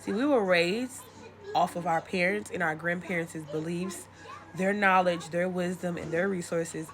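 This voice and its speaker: A young adult woman giving a casual, encouraging motivational talk to camera, addressing the listener warmly and conversationally. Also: on the low side, normal speed, a little hiss or hum. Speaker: spiritual content creator.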